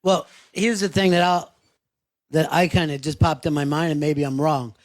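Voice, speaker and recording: Man, podcast host, candid conversation, earnest reflective manner, casual profanity, fairly high voice. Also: normal speed.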